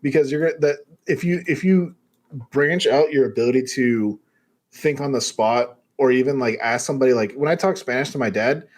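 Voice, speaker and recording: Animated young man telling stories. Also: medium pitch, fairly quick. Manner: animated storyteller, swears casually. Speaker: podcast co-host. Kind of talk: casual chat.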